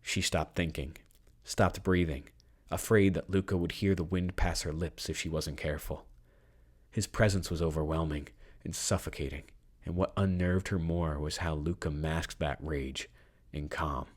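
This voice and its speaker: Very deep-voiced male story narrator. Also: steady tone. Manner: measured, dramatic reading. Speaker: audiobook narrator.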